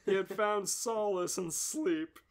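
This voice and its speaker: A storyteller reading a comedic story aloud, often breaking into laughter. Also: medium pitch. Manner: giggly, reads slowly.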